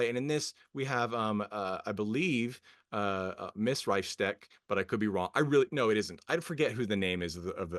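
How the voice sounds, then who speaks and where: A man's voice: mid-range voice, no room sound. Rambling amused man, dry sound. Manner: rambling, hesitant, many fillers and restarts; animated, amused, laughing often. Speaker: podcast co-host. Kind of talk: casual film review chat.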